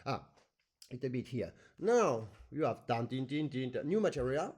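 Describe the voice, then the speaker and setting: Man, accordion teacher, lively pitch, sings rhythm syllables. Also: normal speed, loud music behind the voice. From France. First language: French. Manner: animated, sings rhythms in syllables, non-native English phrasing. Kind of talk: masterclass teaching with sung demonstrations.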